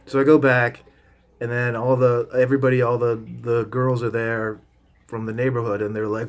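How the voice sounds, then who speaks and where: A man is casually telling a long story to the camera and wandering off into side remarks as he goes. He talks at a middle pitch, loosely and conversationally, and his sentences often restart and trail off. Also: little pitch movement, fairly quick, slight background noise. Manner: casual, drops the odd swear word. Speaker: vlogger. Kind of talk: rambling anecdotal storytelling.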